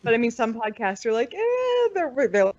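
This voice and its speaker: A woman's voice: on the high side, fairly quick, darkish tone, no room sound. An American woman chatting on a podcast, telling stories and dropping swear words as she acts out other people's lines. Her voice comes through dry and a little dull, with no room sound around it. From United States. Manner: chatty storyteller who swears freely and acts out quotes. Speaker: podcast guest. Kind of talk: casual chat.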